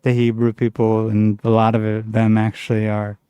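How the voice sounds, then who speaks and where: A man trades short, teasing quips as a guest on a stream. His voice is mellow and smooth. It is recorded dry and close. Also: on the low side, monotone, moderate pace, no room sound. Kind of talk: casual stream chat.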